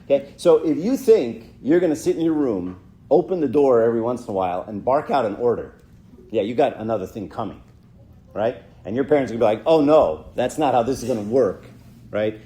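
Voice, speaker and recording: A man's voice: mid-range voice, animated, brisk, warm tone. A middle-aged man giving an informal church talk, chatting with listeners, often asking "right?" and acting out short quotes. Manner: conversational, asks "right?" often, acts out quotes. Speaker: church speaker. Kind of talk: informal talk to a youth audience.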